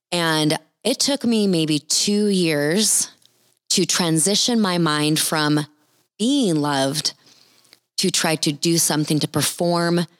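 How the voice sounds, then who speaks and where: Low-voiced woman preaching slowly. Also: no echo, clean studio sound. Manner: earnest, slows down to stress key words. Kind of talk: sermon.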